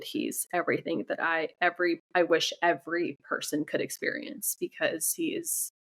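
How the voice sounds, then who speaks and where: A woman's voice: fairly low pitch, breathy edge. A young woman giving a candid interview about her own life. She talks bluntly, swears freely and often stops to restart her sentences. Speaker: interview guest. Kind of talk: candid personal storytelling interview.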